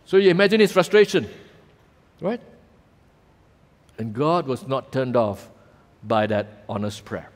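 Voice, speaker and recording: A man with a Malaysian English accent preaching a sermon as pastor, telling the story with animated acted-out voices. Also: medium pitch, a little slow, long pauses. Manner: animated storytelling, acting out voices in quoted lines. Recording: long reverb of a church hall.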